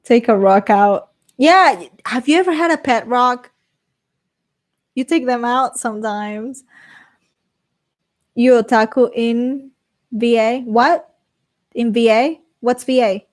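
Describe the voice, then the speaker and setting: Slow-talking chatty woman. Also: a little high. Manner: chatty, laughs often, reads comments aloud. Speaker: streamer reading live chat. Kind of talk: casual live-stream chat.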